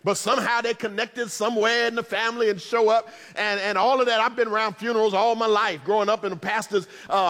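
Male pastor, sermon, high bright voice, animated with shouted emphasis; church reverb.

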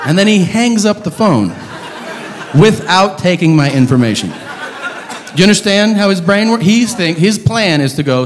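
A man's voice: high-pitched, animated, moderate pace. A male stand-up comedian telling a story in an exasperated, profane, emphatic way, on a comedy stage. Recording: reverberant hall with audience noise.

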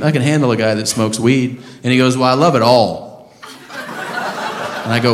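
A man's voice: medium pitch, normal speed, long pauses. A man doing a stand-up set in a club, telling a story with lots of swearing. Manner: profane, animated storytelling. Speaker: stand-up comedian. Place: comedy club stage. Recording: echoey room with crowd noise. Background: audience laughter.

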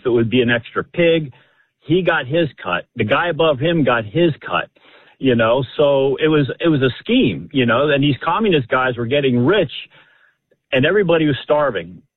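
A man's voice: medium pitch, breathy edge, no echo. A man calling in to a radio show, telling a family story in an eager, rambling way with lots of fillers. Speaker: caller. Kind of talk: phone-in storytelling. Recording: tinny phone line.

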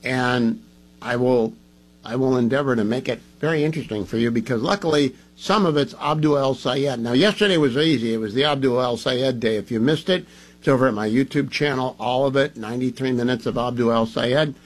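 A man's voice: medium pitch, brisk, low-quality recording. A man hosting a talk radio show, delivering an opinionated, emphatic monologue in a conversational way, groggy from medication.

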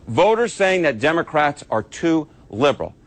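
A male analyst walks through poll data for television with an emphatic manner, repeating key words for effect. His voice sits a little high and swings with animation. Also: sing-song, moderate pace. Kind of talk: TV news analysis.

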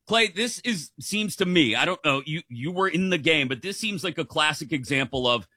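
A man's voice: a little high, lively intonation, moderate pace, few pauses, sharp tone, no room sound, studio quality. A man hosting a sports talk show, thoughtful and analytical. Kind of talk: casual sports chat.

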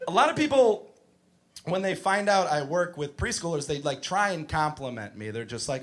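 A man doing a stand-up set, swearing and shouting in a high voice when he mimics kids. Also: normal speed. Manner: animated, swearing, shouting kids' demands in a high voice. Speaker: stand-up comedian. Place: comedy club with audience laughter.

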